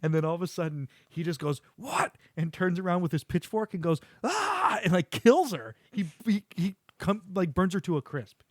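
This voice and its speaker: Animated middle-aged man telling a story. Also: sits high, a little fast, few pauses, dry recording, clean studio sound. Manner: animated storyteller, acts out quotes, laughs often. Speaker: podcast host. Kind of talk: casual chat recapping a show.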